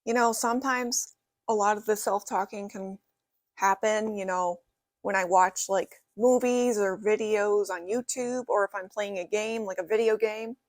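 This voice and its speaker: Young woman vlogger, mid pitch, loose rambling delivery, dry close recording. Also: fairly even intonation, measured pace, no room sound. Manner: rambling with many "you know" fillers. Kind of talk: casual vlog talk to camera. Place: her bedroom.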